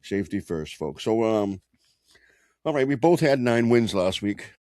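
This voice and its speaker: A man's voice: fairly low pitch, lively intonation, unhurried, darkish tone, no room sound, studio quality. A man co-hosting a sports podcast, chatting loosely with lots of swearing and jokey stories. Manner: loose, swearing, joking storyteller. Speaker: podcast co-host. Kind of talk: casual sports banter.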